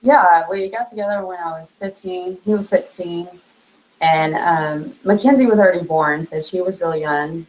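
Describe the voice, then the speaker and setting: A woman, a guest on a live podcast, talking casually and softly, trailing off with fillers and little laughs. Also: on the low side, moderate pace, poor audio. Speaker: interview guest. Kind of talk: casual remembrance chat.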